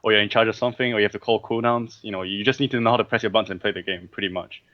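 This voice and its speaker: A man from Singapore with a Singaporean accent, a guest making wry quick asides in a casual interview. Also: on the low side, fairly even intonation, fairly bright tone, no echo. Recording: dull dry lo-fi call audio.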